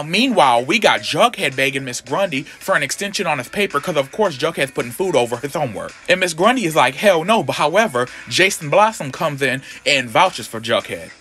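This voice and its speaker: A man's voice: a little high, sharp tone. A man recapping a comic in a casual, sassy, profane and gossipy way.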